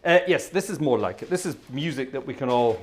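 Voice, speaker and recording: A man's voice: medium pitch, lively intonation, fast. A man hosting a live organ music stream, chatting casually between pieces in a self-deprecating, flustered way, sighing and worn out. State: sweaty and exhausted. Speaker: organist and livestream host.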